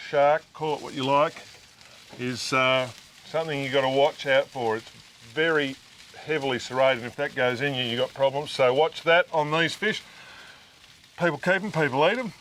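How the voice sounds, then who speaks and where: Aussie bloke hosting a fishing show on a boat, jokey and chatty, bit of engine and water noise behind. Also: male voice, medium pitch, moderate pace, fairly bright tone. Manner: chatty and jokey, lots of fillers. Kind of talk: casual fishing show banter.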